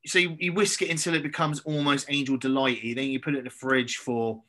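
A man from southern England talks as a guest on a casual podcast. His voice is bright and ringing, and he tells his stories bluntly, with plenty of swearing and lively energy. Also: mid-range voice, fairly quick. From Andover, southern England. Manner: blunt, sweary, animated storytelling.

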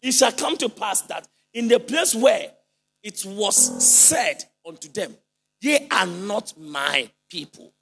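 High husky man preaching hard, swings his voice all over, half singing, half shouting, faint music behind. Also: expressive, slow. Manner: fervent preaching, shouted and sung phrases, congregation call-and-response. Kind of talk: sermon.

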